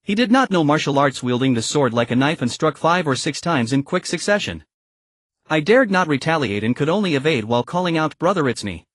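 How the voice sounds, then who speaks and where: A man reading a first-person martial arts story as an audiobook narrator, in an even storytelling manner. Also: a little high, fairly quick, no room sound.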